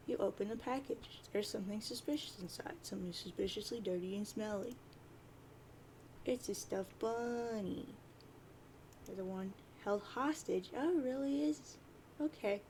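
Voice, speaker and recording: Gravelly-voiced woman reading a webcomic aloud. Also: medium pitch, darkish tone, slight background noise. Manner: chatty, reads dialogue tags, adds asides. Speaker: reader of a webcomic. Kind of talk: casual read-aloud with commentary.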